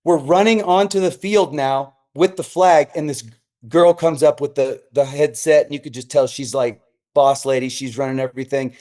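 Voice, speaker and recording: A man's voice: on the high side, normal speed. A middle-aged man, a senior pastor, telling stories as a guest in a casual podcast chat, acting out the voices of people he quotes. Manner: animated, acts out quoted voices.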